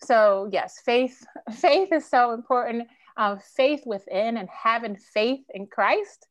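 A woman's voice: fairly high pitch, expressive, slow pace, dry recording. A middle-aged woman speaking earnestly and emotionally as a podcast guest. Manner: earnest, emotional, faith-driven storytelling. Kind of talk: candid interview conversation.

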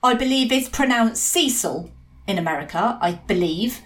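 A woman's voice: on the high side, lively intonation, moderate pace, a bit bright. Chatty British woman in a podcast. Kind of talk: casual chat.

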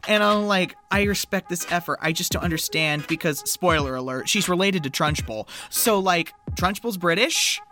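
Animated, giggly woman podcast co-host. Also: lowish voice, moderate pace, hardly any pauses, soft background music. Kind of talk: casual banter about a film.

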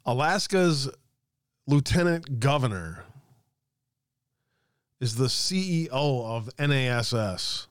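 A man's voice: mid-range voice, animated, takes it slowly, long pauses, clean tone. A man with an ordinary mid-range voice hosts a ranting commentary show. He reads aloud from a screen and drops sarcastic, muttered asides with casual swearing. The sound is close and dry, with no room echo. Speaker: host of a political commentary show. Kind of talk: ranting online commentary, reading aloud from a website.

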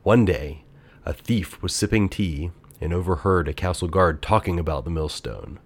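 A man narrating a children's storybook aloud in a gentle, expressive way. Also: sits low, normal speed, slightly rough.

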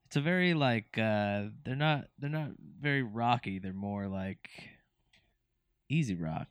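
A man's voice: mid-range voice, lively intonation, a little slow, clean tone, dry recording. A man co-hosting a podcast in casual chat, talking in a laid-back, rambling way. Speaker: podcast co-host.

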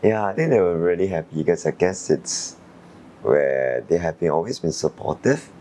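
A young man from Singapore, an Olympic sailor, calmly recalling his qualifying race in an interview, thoughtful with frequent fillers. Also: deep voice, moderate pace, slight background noise. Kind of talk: reflective interview answers.

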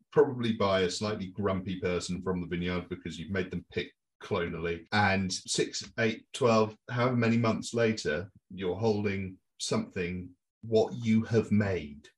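A man who is a winemaker, co-hosting a casual podcast, talking in halting starts and repeats. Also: deep voice, distant mic. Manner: halting, repeats words, tangential. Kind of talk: casual chat.

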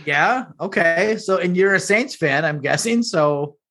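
A man's voice: high-pitched, animated, a little slow, pushed and bright. A man from Minnesota, a guest on a casual podcast, who teases and swears with a laugh.

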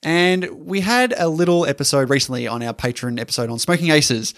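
A man's voice: a little high, a little fast, a bit bright. A man co-hosting a casual podcast about films, laughing easily and tripping over words. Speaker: podcast co-host.

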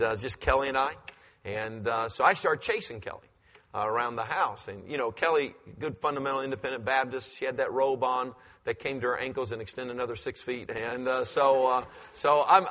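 A man in his fifties, a pastor telling animated stories in a sermon and acting out the voices. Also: mid-range voice. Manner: animated, acts out voices, climbs loud when excited. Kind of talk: storytelling in a sermon. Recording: long church hall reverb.

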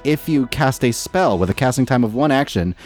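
Guy game master narrating, pitch all over the place, faint music behind. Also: fairly quick. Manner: animated, lively delivery.

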